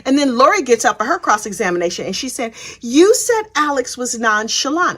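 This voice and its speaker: A woman's voice: a little high, very animated, a little fast, few pauses, a bit bright, breathy edge. A woman giving a sassy, comic recap of a courtroom day and acting out the people in it. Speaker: true crime commentator.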